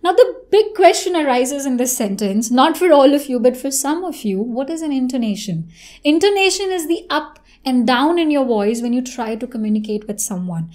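High-voiced woman teaching English. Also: lively intonation, normal speed, darkish tone. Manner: explains step by step, often checks with "right?"; demonstrates rising and falling intonation. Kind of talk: spoken English lesson.

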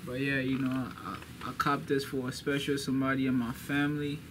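A man's voice: medium pitch, flat delivery, a little fast. A young man hosting a casual vlog, boastful and repeating phrases for hype, talking to a camera mic indoors at home. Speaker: vlogger. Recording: noisy background.

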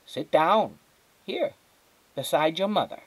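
A man's voice: a little high, expressive, takes it slowly, fairly bright tone, husky, no room sound, pitched above the performer's own voice, full character voice, rough recording. A male teacher voicing a kind, reassuring woman doctor in a storybook read-aloud, soothing in manner.

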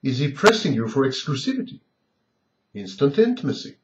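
A man delivers a scripted talk as a rapid series of pointed rhetorical questions. His pitch rises and falls in wide, animated swings. The recording is muffled and lo-fi. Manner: asks a long string of pointed rhetorical questions. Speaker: lecturer on abusive relationships. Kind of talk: scripted lecture monologue. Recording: dull lo-fi recording.

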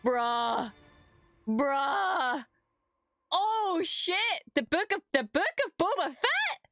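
A woman with a very high voice reacts to a show as a streamer. She is gushing and breathless and swears freely. She often stammers when she is overwhelmed. Her voice is close and dry, with faint music behind it. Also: sing-song, unhurried, sharp tone, dry recording. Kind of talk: excited reaction commentary.

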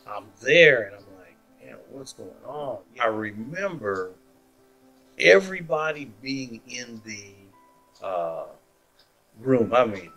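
Man telling his faith story, bright voice, acts out everyone's lines, soft music underneath. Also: mid-range voice, rough recording. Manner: animated storyteller acting out quoted dialogue. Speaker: testimony speaker. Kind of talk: personal faith testimony storytelling.

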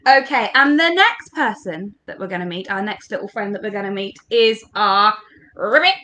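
A woman's voice: medium pitch, moderate pace, sharp tone. A woman leading an online storytelling workshop for children, upbeat and encouraging as she speaks straight to the kids watching. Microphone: online livestream.

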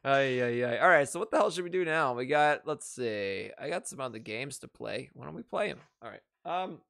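A man's voice: medium pitch, expressive, brisk, creaky, a bit bright. A man hosting an improv comedy show over a video call, talking loosely and laughing as he explains the games. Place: home room on a video call. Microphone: video call mic.

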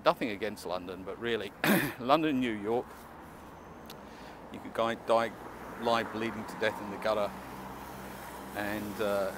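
A man vlogging casually to camera outdoors on a city street, chatty and enthusiastic with wry asides. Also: on the low side. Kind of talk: casual walking vlog to camera. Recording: faint street noise outdoors.

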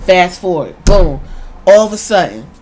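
Animated woman telling a story with swearing. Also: medium pitch, moderate pace, slight background noise. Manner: animated, profane, acts out every character. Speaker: podcast host. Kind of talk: casual storytelling.

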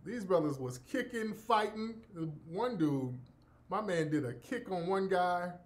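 A man with a notably high speaking voice hosts a radio talk show, casually telling a story. He swears freely, laughs through it and acts out what people said. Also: lively intonation, measured pace. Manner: profane, laughing, acts out quotes.

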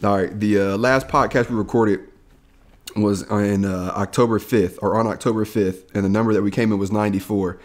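Laid-back man telling stories, low voice. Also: fairly even intonation, a little fast. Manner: laid-back, laughing storyteller. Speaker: podcast co-host. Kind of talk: casual chat.

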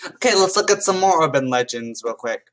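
A man's voice: a little high, lively intonation, brisk, a bit bright. A man giving casual reaction commentary as a YouTuber, chatting to viewers and reading stories aloud with small restarts.

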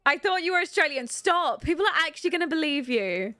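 A woman's voice: sits high, lively intonation, a little fast, bright, forceful tone, no echo. A young British woman chatting casually while streaming a life-simulation game, reading and answering chat and giggling often. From Britain. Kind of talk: casual gameplay commentary.

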